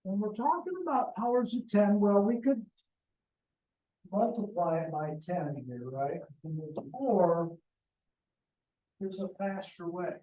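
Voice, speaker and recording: A man's voice: high-pitched, lively intonation, measured pace, long pauses, roomy sound, distant mic, dull audio. A man teaching a math lesson to a class, joking and talking to the students directly. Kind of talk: classroom lecture.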